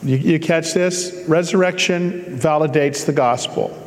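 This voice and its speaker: A man's voice: a little high, a little slow, long reverb tail, a little hiss or hum. A man preaching a sermon, reading scripture aloud and breaking off for casual, joking asides to explain it.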